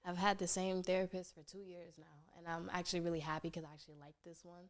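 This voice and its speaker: A woman's voice: fairly low pitch, little pitch movement, fast talker. A young woman with a New York accent, a rapper chatting casually in an interview, laid-back and slangy, laughing often. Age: young adult. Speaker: rapper guest.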